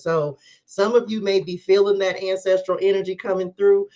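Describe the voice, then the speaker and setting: Woman tarot reader hosting a live stream; casual, lively, laughing, talks to the viewers. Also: mid-range voice, fairly quick. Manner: chatty, animated, laughs often, talks straight to viewers.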